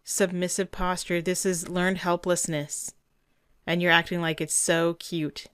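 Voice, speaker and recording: A woman's voice: on the low side, little pitch movement, unhurried, a bit bright, clean tone, no room sound, clean studio sound. A woman dog trainer giving earnest, indignant commentary over a training video, often restarting her sentences.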